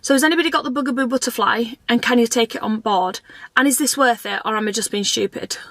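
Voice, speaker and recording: Woman, rambling vlog chat, bright and dry, slightly high voice. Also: fast talker, dry recording. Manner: chatty, rambling, self-deprecating. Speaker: family vlogger.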